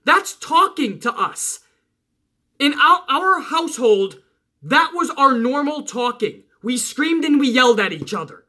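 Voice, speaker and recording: A man who talks loud, close to yelling, in a bright, forceful voice. His pitch swings up and down as he rants, and he swears often. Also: big pitch swings, a little slow. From Italian-American household. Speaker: wrestling channel host. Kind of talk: casual rant to viewers.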